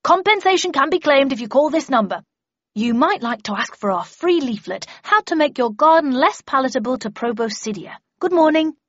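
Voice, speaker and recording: A woman voicing a brisk male government agent who speaks in a loud, clipped, official manner. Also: sits high, expressive, dry recording, lo-fi sound, pitched above the performer's own voice.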